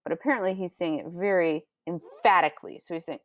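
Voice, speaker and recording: A woman teacher giving a recorded remote writing lesson, patiently explaining step by step and reading example sentences aloud with pronounced pauses. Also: on the low side, no echo, studio quality. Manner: patient, explains step by step, calls students scholars and friends.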